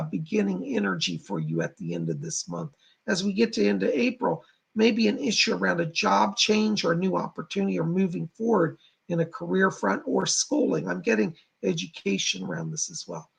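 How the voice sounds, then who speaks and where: A psychic medium doing live readings talks to viewers haltingly and reassuringly. He has a high-pitched, heavily gravelly voice, husky and rough yet fairly bright in tone.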